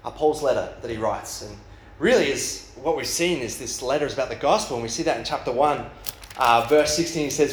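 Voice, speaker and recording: A man's voice: medium pitch, brisk, roomy sound, a little hiss or hum. A man who is the pastor for youth and young adults, giving a sermon in a casual, storytelling way. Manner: casual storytelling with rising excitement. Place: church hall.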